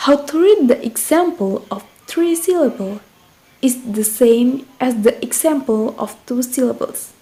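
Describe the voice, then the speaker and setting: A woman's voice: high voice, measured pace, mellow, poor audio. A young woman with an Indonesian accent, a student patiently explaining word stress and speaking to the viewer. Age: young adult. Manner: patient, addresses the viewer directly. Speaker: student presenter. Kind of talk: explanatory lesson.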